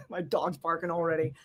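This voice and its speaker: A man hosting a casual live stream from home, chatting excitedly and greeting viewers by name. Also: high voice. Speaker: channel host. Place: home room.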